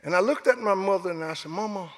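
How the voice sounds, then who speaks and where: Man, Southern US accent, middle-aged, storytelling speech, high voice, echoey hall. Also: fast, fairly bright tone. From Alabama, US. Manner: dramatic storyteller, acting out dialogue. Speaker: guest speaker.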